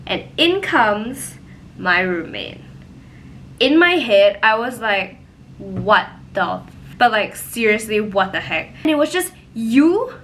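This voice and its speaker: Young woman vlogger, bright sharp voice, chatty animated storytelling, faint rumble behind. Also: measured pace, rough recording. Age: young adult. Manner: animated, lots of "like" fillers. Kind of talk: casual storytime. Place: home, indoors.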